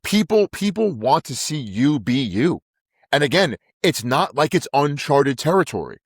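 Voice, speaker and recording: A man's voice: on the high side, sing-song, normal speed, breathy edge, dry recording, studio quality. A man co-hosting a podcast, talking in an emphatic way, repeating words and calling his co-host "dude". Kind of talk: casual chat.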